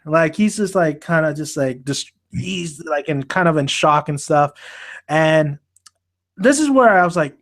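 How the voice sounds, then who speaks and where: Animated, profane young-sounding man. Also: fairly high pitch, unhurried. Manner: animated, profane, acts out characters' lines. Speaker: podcast host. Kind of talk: casual anime discussion.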